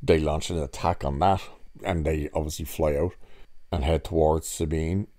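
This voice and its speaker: A man with a low, mellow voice recaps a TV episode in a loose, casual way. He is sarcastic and mocking, and he swears freely as he picks the plot apart. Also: fairly even intonation, moderate pace. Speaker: show reviewer.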